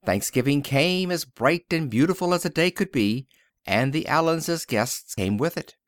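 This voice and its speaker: A man's voice: a little high, animated, normal speed, dry recording, studio quality. A man narrating an old-fashioned story as an audiobook, reading expressively. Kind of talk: scripted narration.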